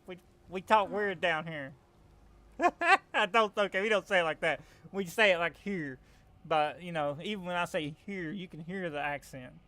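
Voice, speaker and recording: A man's voice: high voice, moderate pace, pushed and bright. A young man with a Southern US accent, casually talking through a survival game and venting his frustration as the channel host. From American South. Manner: frustrated, rambling, self-correcting. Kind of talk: casual gameplay commentary.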